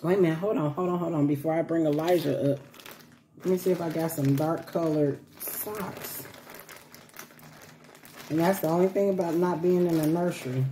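A woman's voice: fairly low pitch, normal speed, mellow. A woman vlogging at home in casual chat to camera, talking to her viewers while she cares for baby dolls. She repeats herself and laughs often. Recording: echoey room with faint background noise.

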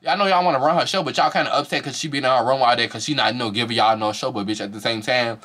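A man talks fast through a profane reality-show review. His voice is bright and forceful, and he slips into high-pitched impressions when quoting the cast. The delivery is animated and slangy throughout. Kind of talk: casual profane commentary.

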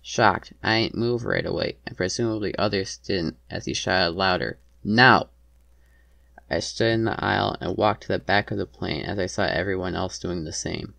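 Gravelly low-voiced male storyteller. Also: normal speed, hardly any pauses, a bit bright, dry recording. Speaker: narrator. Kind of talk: first-person dramatized story narration.

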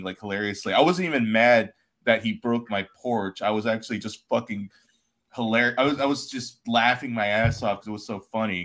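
A man's voice: medium pitch, a bit bright. Man, podcast host, casual chat, rambling, swears a lot, telling stories. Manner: rambling, profane storytelling.

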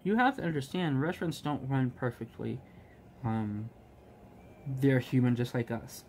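A man of middle pitch tells a workplace story in an easy, rambling way. He fills his talk with ums and restarts and livens up when he quotes others. A faint hiss sits under the recording. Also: measured pace, a little mellow. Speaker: vlogger, restaurant manager. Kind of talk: casual storytelling while crafting.

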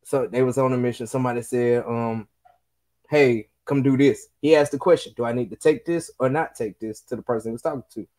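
A young man talking on a casual podcast in an ordinary mid-range voice. He swears freely and tells animated stories, slipping into the voices of the people he quotes. The talk is loose and conversational. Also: medium pitch, fairly quick. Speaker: podcast co-host.

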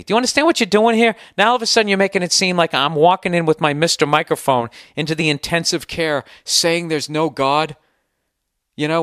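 A man's voice: fairly high pitch, fairly bright tone, dry recording, clean studio sound. A man hosting a solo podcast, answering listener email in a heated, sarcastic, profane rant. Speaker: podcast host.

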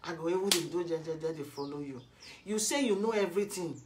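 Speaking quickly in a lowish voice, a middle-aged Nigerian woman from Edo State lectures a rival in Nigerian Pidgin English. Her vlog monologue is a scolding packed with rhetorical questions.

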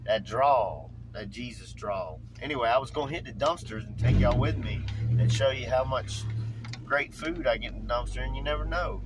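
A man with a Southern drawl vlogging casually, rambling in a folksy, animated way. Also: mid-range voice, brisk, noisy background. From Virginia. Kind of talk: casual chat, vlogging while driving.

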